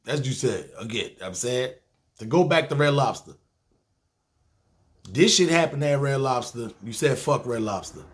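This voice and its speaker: A man's voice: mid-range voice, lively intonation, normal speed, long pauses. New york guy spinning a street story, cussing, doing everybody's voices. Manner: profane, streetwise, acts out other people's voices. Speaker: storyteller, podcast host. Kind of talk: casual storytelling monologue.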